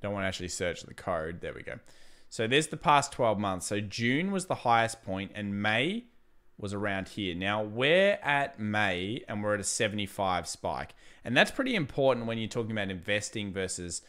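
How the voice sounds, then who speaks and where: A man's voice: on the low side, sing-song, normal speed, fairly bright tone. A man, hosting a live stream and chatting casually through market commentary while reading viewer messages. He laughs easily and thinks aloud, restarting his sentences as he goes. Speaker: livestream host.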